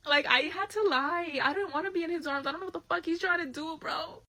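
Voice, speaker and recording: A woman telling a bad first date story in a blunt, profane, animated way. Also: very high voice, quick pace, rough recording.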